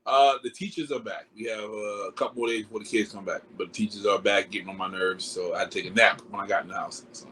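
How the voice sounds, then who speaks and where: A man with a Baltimore accent, a guest on a podcast, joking around in a relaxed, playful way. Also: on the low side, fast, hardly any pauses, a little hiss or hum. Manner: playful, joking, laid-back. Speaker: podcast guest, media group CEO. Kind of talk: casual chat.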